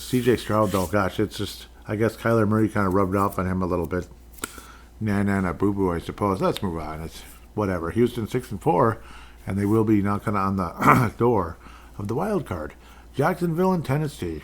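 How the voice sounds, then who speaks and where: A man hosting a casual sports podcast, running through game stats with rambling, jokey asides. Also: lowish voice. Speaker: podcast host.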